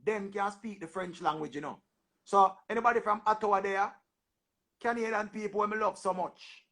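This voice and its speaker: Young jamaican guy on a livestream, high bright voice, rambling patois banter. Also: normal speed. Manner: animated patois banter, repeats himself. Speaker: livestream host. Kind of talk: casual livestream chat with callers.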